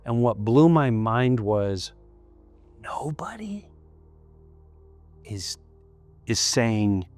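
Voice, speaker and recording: A man's voice: mid-range voice, very animated, extremely slow, pauses often, a little mellow, faint music behind. A male comedian recounting a story in an interview, emphatic and repetitive, sometimes dropping to a near-whisper.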